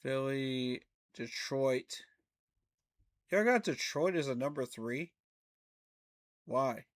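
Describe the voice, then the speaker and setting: A man's voice: mid-range voice, lively intonation, takes it slowly. A man ranting casually about rankings as a fan channel host, incredulous, with laughing asides. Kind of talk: casual reaction commentary.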